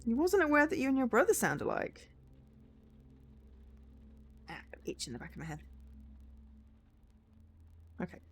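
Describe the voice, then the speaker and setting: A woman's voice: on the high side, wildly swooping pitch, measured pace, pauses often, soft background music. A woman streamer reading game narration aloud and chatting with her viewers in a chatty, self-deprecating way.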